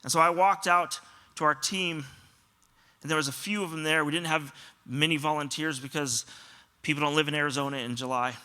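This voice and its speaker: A man's voice: a little high, fairly even intonation, a little fast, bright, forceful tone, smooth. A man pastor giving a sermon, telling stories earnestly and often quoting other people. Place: church auditorium.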